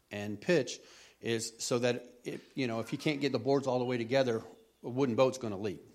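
Middle-aged man, plain mid pitch, lay preacher with a folksy, halting sermon delivery. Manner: rambling, repeats words, folksy. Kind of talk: conversational sermon.

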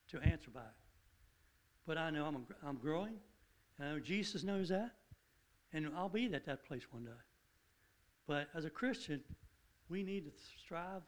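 An earnest man teaches from the Bible in a relaxed, conversational way. His voice sits a little high, and he drives his points home by repeating them with growing emphasis. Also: low-quality recording.

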